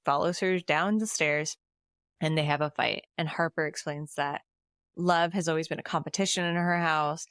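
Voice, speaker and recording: A woman's voice: deep voice, dry recording, clean studio sound. A woman podcast co-host giving a casual, chatty recap of a movie's plot, often laughing and quoting the characters. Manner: lively retelling with laughs and quoted lines.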